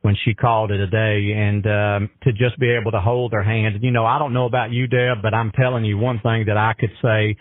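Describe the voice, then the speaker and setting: A man's voice: lowish voice, level tone, a little fast, hardly any pauses, no echo. A man speaking earnestly and emphatically in a heartfelt radio conversation, with a folksy way of talking. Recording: dry tinny phone-line radio.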